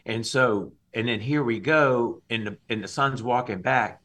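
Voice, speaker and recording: Man, Louisiana, podcast guest, testimony, bright husky voice, animated storyteller. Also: mid-range voice, a little slow. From Louisiana, USA. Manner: animated storyteller, acts out dialogue. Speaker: guest, singer and minister.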